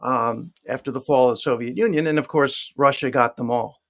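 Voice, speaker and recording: A man in the guest's chair, explaining history at a measured, steady pace. His talk is dotted with "uh" and "you know" as he works through his points. His pitch sits in an ordinary middle range. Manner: measured, explaining with fillers and asides.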